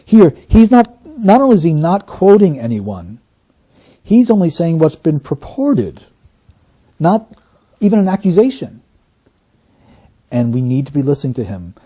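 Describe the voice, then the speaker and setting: Male analyst, slightly high but very mellow and breathy; deliberate, teacherly commentary. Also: very animated. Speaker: statement analyst. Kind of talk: explanatory commentary.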